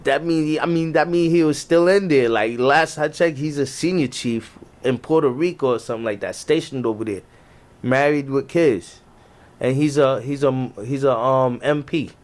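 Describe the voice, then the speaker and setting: New york guy on a podcast, slangy and lively, keeps restarting his lines. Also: medium pitch, moderate pace. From Jamaican family. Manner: animated, slangy, restarts often. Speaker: podcast guest, navy veteran. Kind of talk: casual storytelling chat.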